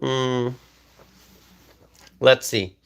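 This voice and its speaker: A man's voice: medium pitch, fairly even intonation, very slow, creaky, fairly bright tone, clean tone. A man hosting a political livestream, talking insistently with many fillers and repeated phrases, then reading chat comments aloud.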